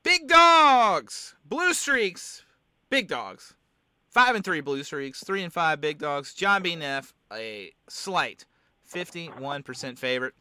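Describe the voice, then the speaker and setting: A man's voice: fairly high pitch, bright, forceful tone, smooth, no room sound. A man hosting a casual sports chat, rambling and often sidetracked, with a sore, cough-prone throat. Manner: rambling, keeps getting sidetracked. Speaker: podcast host.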